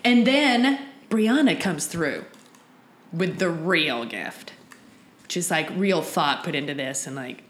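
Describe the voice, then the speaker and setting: A woman casually recapping a TV episode with a co-host, laughing often and swearing freely in an animated retelling. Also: deep voice, takes it slowly, echoey room. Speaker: podcast co-host.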